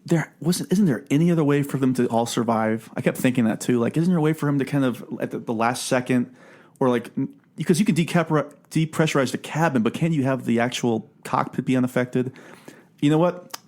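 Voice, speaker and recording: Man, podcast host, casual book chat, animated, restarts a lot. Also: mid-range voice, brisk. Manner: chatty, animated, many restarts.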